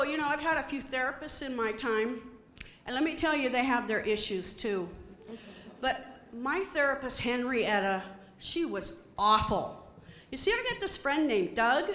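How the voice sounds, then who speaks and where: A middle-aged woman performing a stand-up comedy set, animated and acting out quoted voices. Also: a little high, roomy sound, a little hiss or hum. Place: comedy stage before an audience.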